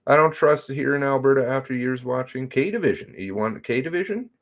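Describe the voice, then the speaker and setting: A man's voice: medium pitch, lively intonation, brisk. A man hosting a casual livestream, greeting viewers by name and reading chat with a sardonic drawl.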